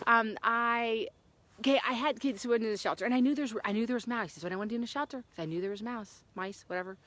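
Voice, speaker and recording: A middle-aged woman hiker chatting to her camera outdoors on a trail, telling a story with lots of fillers and animated swings. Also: on the high side, fast talker, no echo. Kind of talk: casual vlog chat. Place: outdoors on a hiking trail in the morning.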